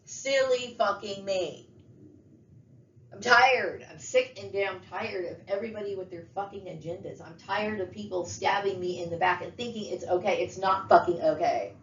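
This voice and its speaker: A woman's voice: mid-range voice, normal speed, a bit bright, slight background noise. Agitated woman ranting in an echoey room. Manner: agitated, repetitive, keeps asking "okay?". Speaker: vlogger. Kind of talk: emotional monologue rant. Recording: dull, echoey room, mic far off.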